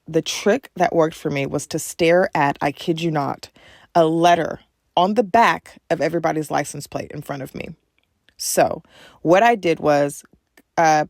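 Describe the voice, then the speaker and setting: A woman's voice: fairly low pitch, vocal fry, a little mellow, no echo, studio quality. A young woman hosting a podcast, chatting through a personal story, addressing her listeners directly and turning a little emotional. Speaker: podcast host.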